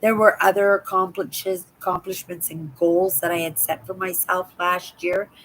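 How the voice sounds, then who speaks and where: An older woman with a hoarse voice, chatting in a rambling way on her live stream from home and repeating words. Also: fairly low pitch, level tone, moderate pace, a bit bright, slight background noise, poor audio. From Canada. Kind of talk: casual chat. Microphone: laptop.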